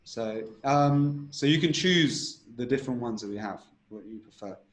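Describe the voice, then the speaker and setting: A man's voice: mid-range voice, moderate pace. A man teaching a breathwork technique in a conversation, explaining steps and demonstrating chanted tones. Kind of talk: instructional conversation. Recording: roomy echo.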